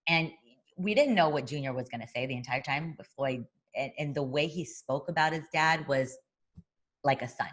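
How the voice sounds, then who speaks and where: A woman's voice: low-pitched, normal speed. A woman, a boxing broadcaster, chatting as an interview guest and telling a story, acting out what people said. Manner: lively storyteller who acts out quoted voices; frequent fillers and restarts. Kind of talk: casual interview chat.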